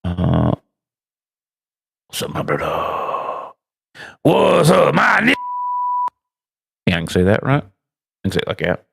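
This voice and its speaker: A man hosting a casual live stream, loudly greeting his chat with rambling, profane, self-mocking asides. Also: wildly swooping pitch, takes it slowly, creaky, pauses often, a little hiss or hum. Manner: greets chat loudly with big swooping pitch jumps. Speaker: livestream host.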